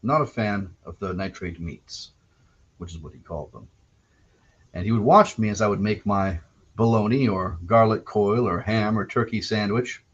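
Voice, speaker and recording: A Canadian man hosts a solo podcast, wandering through rambling, digressive anecdotes and correcting himself wryly as he goes. His voice is fairly low and slightly rough, at a normal speed. The recording sounds dull and lo-fi.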